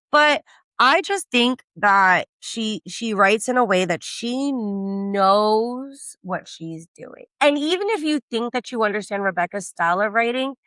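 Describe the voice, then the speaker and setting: Bright, animated woman podcast host. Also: medium pitch, moderate pace, no room sound. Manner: animated, swearing, storytelling. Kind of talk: casual chat.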